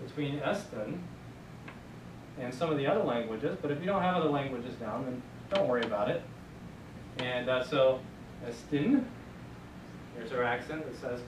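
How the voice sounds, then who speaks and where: A man teaching a Bible Greek class, joking and encouraging, thinking aloud as he goes. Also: mid-range voice. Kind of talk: classroom lecture. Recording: echoey room from a distant mic with noise.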